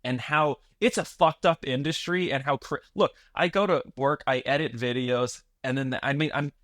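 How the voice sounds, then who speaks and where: A man's voice: mid-range voice, moderate pace, fairly bright tone, no room sound, studio quality. A man co-hosting a movie review podcast, making his points earnestly in a rambling way, restarting his sentences and swearing casually. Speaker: podcast co-host.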